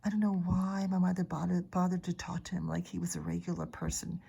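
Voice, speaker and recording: A teacher reading a children's chapter book aloud, narrating in a steady, expressive way. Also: female voice, on the low side, brisk, creaky, slightly rough. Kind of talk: storybook read-aloud.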